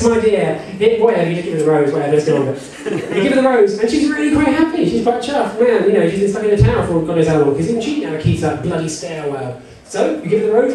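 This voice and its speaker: A man's voice: high-pitched, expressive, fast talker, few pauses. A man running a live text adventure as game master, narrating theatrically and joking with the audience. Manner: theatrical, wry and joking, repeats a set catchphrase. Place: convention hall with an audience. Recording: echoey hall, from far off, crowd noise.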